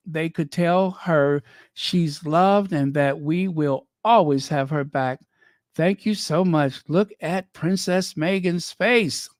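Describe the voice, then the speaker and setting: Woman host rambling thru royal news, slow, lots of ums, gushy and sentimental, dry close mic. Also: fairly low pitch, darkish tone, smooth, dry recording. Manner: chatty, rambling, full of fillers and restarts; gushing, sentimental reactions. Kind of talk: casual livestream commentary.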